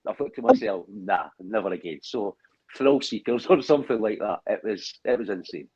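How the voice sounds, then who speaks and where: A man's voice: lowish voice, big pitch swings, normal speed, darkish tone, dull audio, a little hiss or hum. A man telling stories in casual chat, laughing often and swearing.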